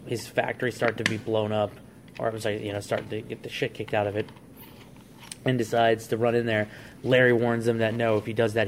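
A man's voice: fairly low pitch, slight background noise. A man co-hosting a casual podcast, eagerly walking through a story idea and acting out the characters' lines. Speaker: podcast co-host.

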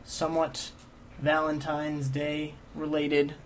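A man's voice: a little high, monotone, slow pace, a little hiss or hum. A man hosting a casual comedy chat show, wry and joking as he leads the segments. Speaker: podcast host.

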